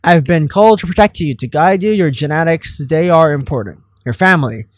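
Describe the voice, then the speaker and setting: A man's voice: fairly high pitch, lively intonation, fairly quick, dry recording, clean studio sound, natural voice. A man voicing a solemn otherworldly male guardian god, speaking in a grave, ceremonial way while reading game dialogue.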